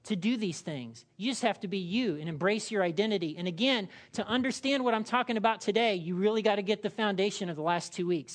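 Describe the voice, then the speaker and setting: A male pastor preaching in a conversational, humorous way, often checking in with the congregation. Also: high-pitched. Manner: conversational and humorous, with frequent "all right?" check-ins. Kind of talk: sermon.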